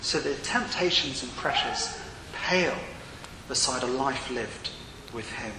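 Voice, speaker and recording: A man's voice: mid-range voice, lively intonation, measured pace, pushed and bright. A man preaching a sermon in a church, earnest, with rising and falling emphasis. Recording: echoey hall with long reverb and faint room noise.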